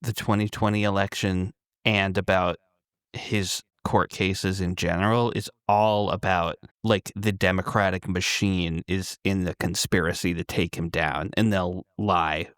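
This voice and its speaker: A man co-hosting a casual political podcast, speaking in a measured way with hesitant restarts. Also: deep voice, fairly even intonation, a bit bright, clean tone, dry recording. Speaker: podcast co-host.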